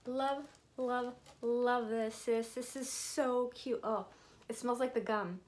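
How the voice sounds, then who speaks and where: A woman's voice: fairly high pitch, steady tone, slow, darkish tone. A woman in her fifties unboxing gifts on a vlog, gushing and laughing often as she talks. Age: 50s. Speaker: vlogger. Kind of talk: casual unboxing chat.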